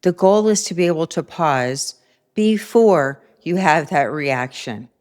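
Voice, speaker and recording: Woman, middle-aged, low voice, calm and reflective, spiritual self-help talk, personal stories. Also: a little slow. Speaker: host.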